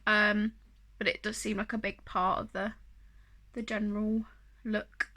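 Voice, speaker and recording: A woman's voice: medium pitch, flat delivery, a little slow, pushed and bright. A woman chatting casually through a makeup tutorial, rambling and self-deprecating, with plenty of fillers. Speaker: beauty vlogger.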